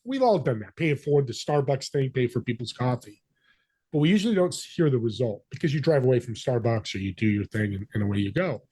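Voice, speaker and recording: A man guest on a podcast telling a story, acting out the voices of people in it with lively energy. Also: medium pitch, quick pace, husky, no echo. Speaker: podcast guest, business connector. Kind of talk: storytelling interview talk.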